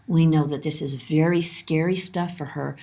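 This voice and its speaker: A woman lecturing on child development, calm and explanatory, repeating her key points. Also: low voice, moderate pace. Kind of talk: instructional lesson narration.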